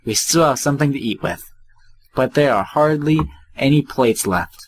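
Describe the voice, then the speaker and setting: A man's voice: medium pitch, animated, moderate pace, slight background noise. A man hosting a let's play, reading the story text aloud with wry, offhand asides.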